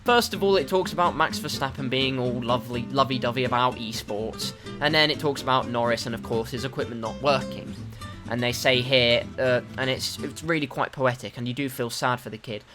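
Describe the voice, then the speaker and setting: A man's voice: mid-range voice, brisk, music in the background. A man giving a sarcastic, swearing commentary about a racing video game on a desktop USB mic. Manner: sarcastic, swearing, swings to shouting. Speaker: gaming commentator.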